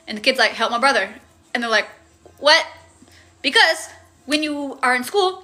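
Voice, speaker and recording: A woman's voice: fairly high pitch, pushed and bright. A woman casually recapping a story on a livestream, playful and loose, swearing and making sound effects. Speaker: streamer recapping game lore.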